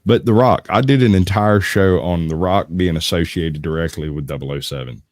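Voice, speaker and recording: A man's voice: sits low, fairly quick, no echo, clean studio sound. A man hosting a casual live stream, rambling and laughing often as he talks. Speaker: host.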